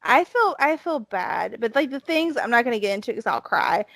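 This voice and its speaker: A woman's voice: on the high side, big pitch swings, fairly quick, vocal fry, no echo. A woman with a Southern US accent co-hosting a podcast, chatting casually with lots of restarts. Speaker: podcast co-host. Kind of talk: casual chat.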